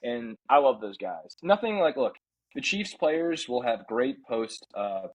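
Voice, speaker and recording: A man co-hosting a casual sports podcast, ranting with big swings in pitch and level and slipping into mock impressions of ads. His voice is mid-pitched and ordinary, and his delivery is loose and excitable. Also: unhurried, poor audio. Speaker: podcast co-host.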